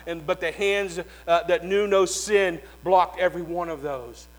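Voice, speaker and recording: High-voiced preacher telling a dramatic story. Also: male voice, steady tone, rough recording. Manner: swings from hushed, slow delivery to shouted proclamation.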